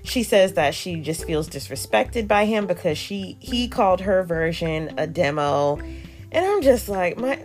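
A woman hosts a podcast, giving a casual, sassy review of a reality show that's animated, slangy and full of laughter. Her voice is lowish and a little slow, with soft background music behind her.

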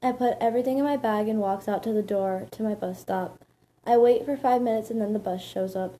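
A woman reads a first-person story aloud in a plain, matter-of-fact way. Her voice is mellow and dark-toned, at an ordinary middle pitch. The delivery stays steady, like reading from a page. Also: a little fast, poor audio.

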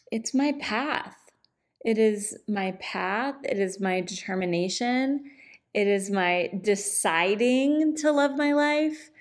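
A middle-aged woman hosting a podcast, talking off the cuff in a relaxed, chatty way, with many fillers, into a microphone. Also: mid-range voice. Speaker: podcast host and divorce coach.

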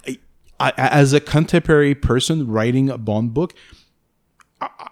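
A man's voice: mid-range voice, moderate pace, a little mellow. A man co-hosting a podcast, discussing a novel casually and thinking aloud as he searches for words. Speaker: podcast co-host.

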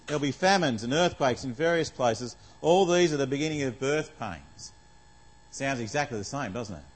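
At a moderate pace and with lively intonation, a medium-pitched man reads scripture and questions his congregation during a conversational sermon. Fillers pepper his delivery, and the audio is rough.

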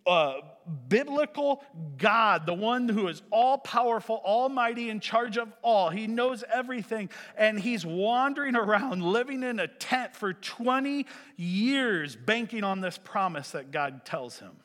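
A male preacher giving a sermon, animated, swinging from loud emphasis to hushed lines. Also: high-pitched, measured pace, hardly any pauses. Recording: echoey hall.

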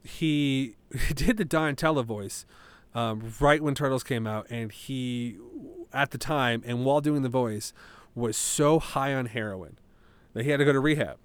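Rambling podcast guy, smooth dry voice. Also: mid-range voice, unhurried, no room sound. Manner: rambling, filler-heavy, swears casually. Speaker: podcast host. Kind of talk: casual solo podcast chat.

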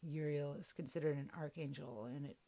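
A woman's voice: deep voice, fairly even intonation, a little fast, warm tone. A young woman hosting a podcast, telling a personal story in a candid, casual way and swearing freely. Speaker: podcast host.

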